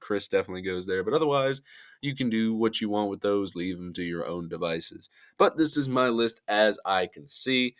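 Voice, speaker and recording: A young man talking casually to his channel in a somewhat low voice. He rambles, trails off mid-thought and laughs at his own remarks, with a chatty, loose delivery. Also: expressive, fairly quick. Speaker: YouTuber. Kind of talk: casual ranking commentary.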